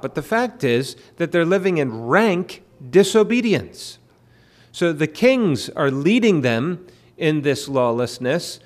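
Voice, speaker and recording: A man preaching a sermon at a midweek prayer meeting, often pausing with fillers and repeated words. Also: a little high. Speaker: pastor. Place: church.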